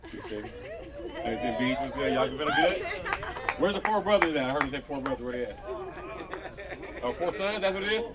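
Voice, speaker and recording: Doing stand-up on an outdoor patio, a man in his thirties from Los Angeles keeps his set loose and profane and spends a lot of it on crowd work. He talks fast in a mid-range voice with lively intonation, captured in distant live audio full of crowd laughter.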